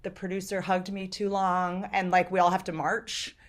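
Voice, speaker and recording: A woman on a podcast who tells stories with animated, mocking impressions of other people. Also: on the low side, moderate pace. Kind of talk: podcast conversation.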